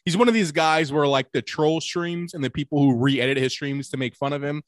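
A man's voice: a little high, brisk, dry recording, clean studio sound. A man in casual podcast chat, telling rambling, profane stories with many restarts. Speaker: podcast co-host.

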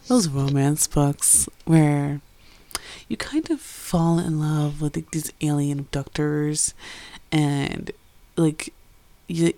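A woman's voice: low voice, dry recording. A woman chatting casually with fillers, then reading a romance story aloud. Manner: chatty, filler-heavy intro then steady narration. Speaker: fan fiction reader.

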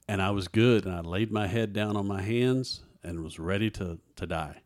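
A man's voice: on the low side, normal speed, hardly any pauses. A man, a guest earnestly telling a personal story in an interview and acting out what others said. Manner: earnest storyteller who acts out others' dialogue.

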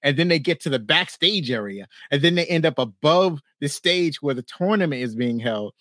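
A man's voice: a little high, expressive, moderate pace, a bit bright, no echo, clean studio sound. A man hosting a podcast, casually recapping a movie plot in a rambling way, laughing often. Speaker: podcast host. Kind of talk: casual movie review chat.

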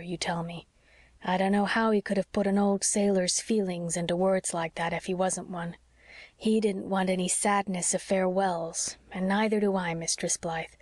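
A frail old sea captain, gentle and wistful, talking softly and slowly to a friend, as a woman reads him in a storybook. The voice sits low and is recorded close and dry, with no room sound. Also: dry recording.

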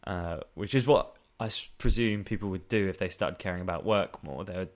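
A man's voice: low voice, brisk. A man co-hosting a casual chat, wry and exasperated, often laughing as he talks. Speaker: podcast co-host. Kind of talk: casual chat reviewing a film.

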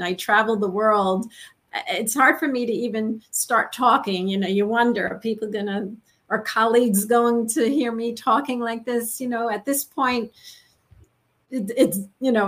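A middle-aged woman, a guest in an interview, speaking earnestly and haltingly as she searches for words. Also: a little high, fairly bright tone. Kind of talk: conversational interview.

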